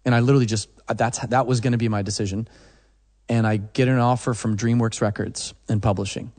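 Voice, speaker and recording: A man's voice: mid-range voice, steady tone, fairly quick, a little mellow, big-room sound. A man, a musician guest, telling a story in a casual interview and acting out the phone calls he once made.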